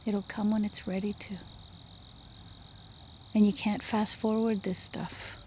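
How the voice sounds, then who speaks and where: Soft-spoken reflective woman vlogging outdoors. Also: medium pitch, flat delivery, takes it slowly, slight background noise. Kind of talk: rambling outdoor vlog. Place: outdoors on a walk by a lake. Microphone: phone held while walking.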